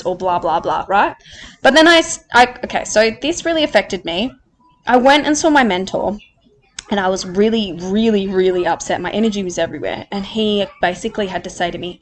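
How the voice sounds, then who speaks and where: A young woman in her late twenties tells her own story on a podcast, open and emotional, with plenty of fillers and casual swearing. Her voice sits at a middle pitch. A faint hiss of noise runs under the recording. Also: animated, a little fast. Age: 20s. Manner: candid and emotional, swears freely, many fillers. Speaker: podcast host.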